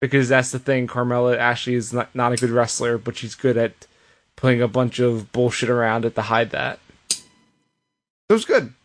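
A man's voice: mid-range voice, little pitch movement, normal speed. A man co-hosting a podcast, recapping wrestling shows in casual chat and storytelling with quoted asides and frequent restarts. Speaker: podcast co-host.

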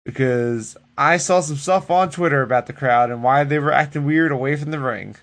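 A man co-hosting a casual podcast, retelling wrestling in a loose, profane, animated way. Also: on the high side, moderate pace. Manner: animated, profane storytelling that acts out the people it quotes. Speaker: podcast co-host recapping wrestling. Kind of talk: casual chat.

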